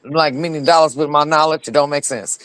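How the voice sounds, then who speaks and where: A woman co-hosting a casual talk show, playful and streetwise, talking with blunt, animated energy. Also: low-pitched, a little fast, no echo. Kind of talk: casual chat.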